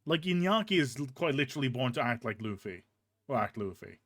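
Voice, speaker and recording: A man's voice: mid-range voice, fairly quick, no echo, studio quality. A young man streaming, ranting casually and profanely with many restarts, in a hot room with a fan on. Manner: animated, profane, rambling with restarts.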